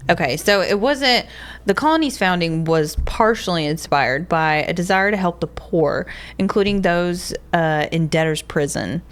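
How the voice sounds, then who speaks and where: A woman's voice: fairly low pitch, lively intonation, normal speed. A woman with a Southern US accent co-hosting a casual podcast, reading facts aloud and laughing often. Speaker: podcast co-host. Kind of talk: casual chat.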